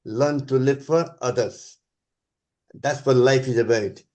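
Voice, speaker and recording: A man with a Scottish accent giving an earnest, halting spiritual talk over a video call. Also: mid-range voice, darkish tone, muffled recording. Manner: earnest, halting, restarts sentences. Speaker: guest speaker.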